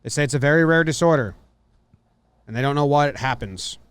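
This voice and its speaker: A man's voice: medium pitch, brisk, clean tone, no room sound. A man hosting a casual podcast, reading a news story aloud and doubting it with a joking tone. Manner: skeptical, joking. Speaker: podcast host.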